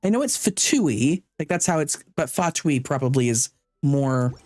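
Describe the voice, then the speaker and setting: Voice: medium pitch, expressive, normal speed, darkish tone, soft background music. A chatty streamer thinking aloud over gameplay. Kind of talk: live gameplay commentary.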